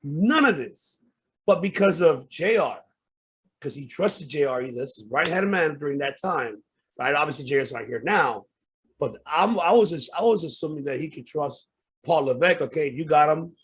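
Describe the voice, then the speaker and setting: A man with a slightly high, husky voice hosts a casual podcast and rants at length. He talks with heated frustration and swears freely as he works himself up. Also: expressive, moderate pace. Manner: heated, profane ranting. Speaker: podcast host.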